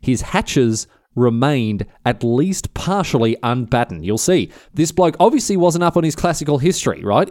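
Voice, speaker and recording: A man's voice: mid-range voice, darkish tone, no echo, clean studio sound. A man hosting a comic history podcast, rambling and jokey, often cutting himself off. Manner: rambling, jokey, self-interrupting. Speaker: podcast host.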